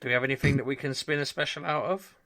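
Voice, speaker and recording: A man's voice: medium pitch, very fast, pushed and bright. A middle-aged man co-hosting a podcast, tired and telling self-deprecating stories in casual chat. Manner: self-deprecating, weary storytelling. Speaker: podcast co-host.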